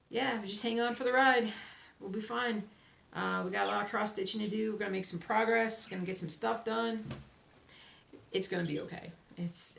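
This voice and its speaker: A woman's voice: medium pitch, creaky, fairly bright tone. A young woman, chatting casually to camera in a rambling, self-reassuring way about her week, sounding sleepy. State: sleepy, yawning. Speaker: cross stitch vlogger. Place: home. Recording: echoey room, faint noise.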